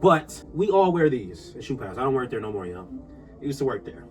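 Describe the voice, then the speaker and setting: A man telling comedic retail stories in an exasperated, animated rant, speaking straight to his viewers. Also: mid-range voice, a little fast, faint music behind. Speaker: vlogger.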